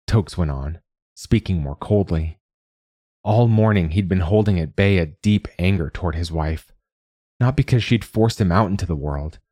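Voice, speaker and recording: Man narrating an audiobook, very low voice, dark mellow tone, measured. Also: dry recording, studio quality.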